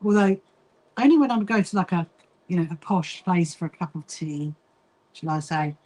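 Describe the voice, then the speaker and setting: A woman from the UK hosting a casual sewing livestream, chatting while she stitches, reading viewer comments aloud and often pausing with little asides. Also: on the low side, lively intonation, darkish tone. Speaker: livestream host.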